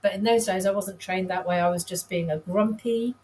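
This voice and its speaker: A woman's voice: mid-range voice, steady tone, a little fast, darkish tone, slight background noise, low-quality recording. A woman in her fifties from the United Kingdom, a nurse practitioner guest telling stories in a candid, self-deprecating way and laughing easily. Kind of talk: casual conversational storytelling.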